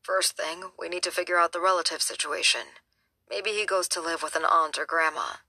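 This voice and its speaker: A woman's voice: fairly low pitch, a little fast, sharp tone, breathy edge, no room sound, exaggerated voice. A woman voicing a weary middle-aged male sheriff who speaks in a blunt, matter-of-fact way. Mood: grim.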